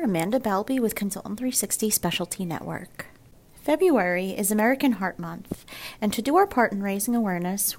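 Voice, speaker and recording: Woman host, scripted intro, polished delivery, medium pitch. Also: a little mellow. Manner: polished, clear reading. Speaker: podcast moderator. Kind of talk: scripted interview hosting.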